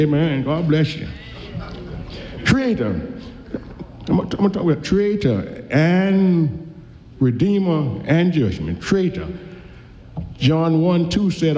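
A man preaching a folksy sermon in a church, with a fairly high but dark, mellow voice. He reads scripture slowly and then rushes through his asides. The sound is dull and lo-fi, with a long, echoey reverb.

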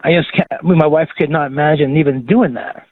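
Man, radio caller, emotional, halting, higher voice, tinny phone line. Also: steady tone. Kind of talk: call-in radio talk.

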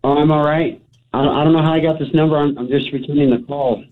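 A man's voice: fairly high pitch, fairly even intonation, fast. Laid-back man on a tinny phone line. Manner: laid-back, hesitant, casual. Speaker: caller.

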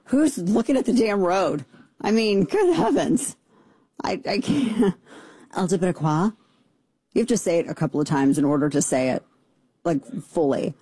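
Woman, talk radio host, sarcastic, mocking, husky, dry studio sound. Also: medium pitch, very animated, warm tone, no room sound. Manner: sarcastic, mocking, rapid-fire commentary.

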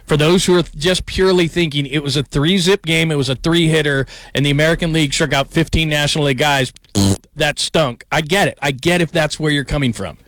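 A man's voice: a little high, fairly even intonation, a little fast, a bit bright, no echo. Opinionated male sports talk host. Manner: explanatory, opinionated.

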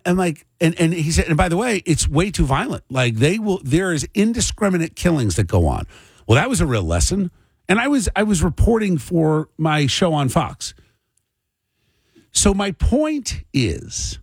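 A man's voice: fairly high pitch, vocal fry, slightly rough, no echo. A man hosting a political commentary monologue, agitated and fired up, ranting with heavy emphasis. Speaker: show host and commentator.

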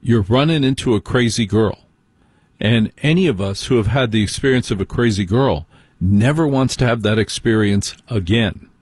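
A man's voice: fairly low pitch, normal speed, darkish tone, husky, no echo, clean studio sound. A man hosting a call-in radio show, giving opinionated dating advice with playful asides. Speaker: radio host.

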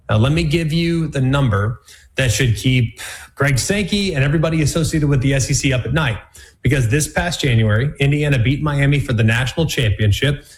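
A man hosting a college football analysis show, talking in a punchy, emphatic way with plenty of repetition. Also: medium pitch. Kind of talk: sports commentary show.

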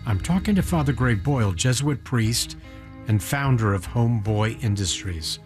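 Man, interview host, measured narration, earnest, faint music behind. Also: mid-range voice, expressive. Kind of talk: interview questions and scripted narration.

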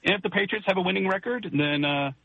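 A man's voice: high voice, fast, creaky, a little hiss or hum. A man from Arkansas calling a sports radio show, good-natured and hesitant with many fillers. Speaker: caller. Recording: tinny phone line.

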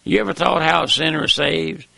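A man's voice: on the high side, steady tone, fairly quick, gravelly, sharp tone, dry recording. An older man preaching a fiery old-time sermon, fervent, with stammering restarts and repeated calls of "my friend".

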